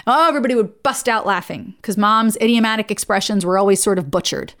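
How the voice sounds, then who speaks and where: A woman hosting a solo podcast, talking in a reflective way that swings between playful and hushed. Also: mid-range voice, fast. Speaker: podcast host.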